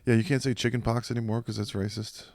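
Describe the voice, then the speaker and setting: A man chatting casually on a comedy podcast, joking and slipping into quick put-on voices. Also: medium pitch, flat delivery, darkish tone, dry recording, clean studio sound.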